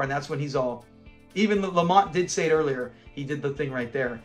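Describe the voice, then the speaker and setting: Male fan-channel host, slightly high voice, casual animated recap, chuckles a lot, faint music under. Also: brisk. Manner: animated, rambling, chuckles often. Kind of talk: casual chat recapping a sitcom episode.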